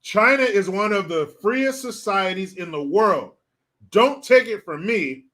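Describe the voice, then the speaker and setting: A man putting on a mocking impression of a drunk old woman politician, slow and slurred. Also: high voice, animated, sharp tone, heavily acted. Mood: slurring.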